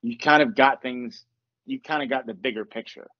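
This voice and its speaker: A middle-aged man hosting a podcast, telling stories in a casual, animated way, swearing freely and laughing often. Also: medium pitch, normal speed, no room sound. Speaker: podcast host. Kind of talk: casual storytelling chat. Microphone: podcast mic. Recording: dull lo-fi podcast audio.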